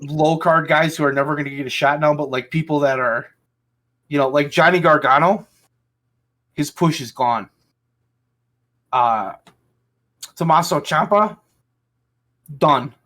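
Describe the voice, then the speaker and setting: A man's voice: fairly high pitch, unhurried, pauses often, a bit bright. Ranting, swearing man on a podcast. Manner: angry ranting, heavy swearing. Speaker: podcast host. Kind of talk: casual chat.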